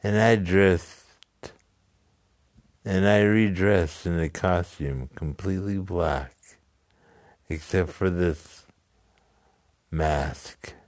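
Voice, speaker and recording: A man with a deep voice tells a story at an easy, unhurried pace. He halts and restarts, tossing in casual asides. The sound is dry and close. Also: fairly even intonation, a little mellow, no room sound.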